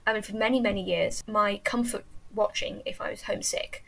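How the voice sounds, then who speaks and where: A talkative English woman with a medium-pitched voice, speaking as a podcast guest. She rambles with enthusiasm and restarts her sentences. Her voice sounds like a teacher chatting casually. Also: steady tone, fairly quick, gravelly, fairly bright tone. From England. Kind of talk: casual chat.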